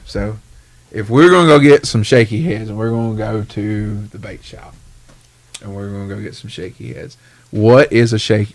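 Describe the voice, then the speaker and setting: Gravelly man hosting a podcast. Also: mid-range voice. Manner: animated, rambling, laughs often. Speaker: podcast host. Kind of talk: casual chat.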